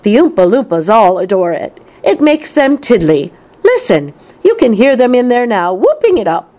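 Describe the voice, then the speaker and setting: A woman voicing a brisk, bossy, eccentric man in a storybook reading, emphatic and chirpy. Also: fairly high pitch, sing-song, warm tone, voice pushed up.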